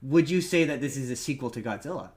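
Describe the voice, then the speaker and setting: A man co-hosting a podcast in casual chat, arguing his points in an animated way with lots of stammered restarts. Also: mid-range voice, fast. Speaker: podcast co-host.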